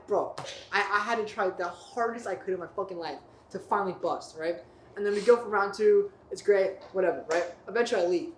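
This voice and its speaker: Young male podcast guest, rambling storyteller, echoey room with light noise. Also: sits high. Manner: rambling, frequent "right?" and restarts. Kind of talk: casual storytelling chat.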